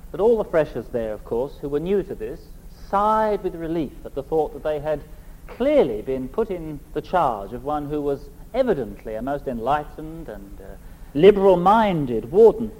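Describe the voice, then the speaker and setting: A middle-aged man preaching a sermon, reading scripture and then speaking in a measured, emphatic, rhetorical way. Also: on the high side, mellow, poor audio.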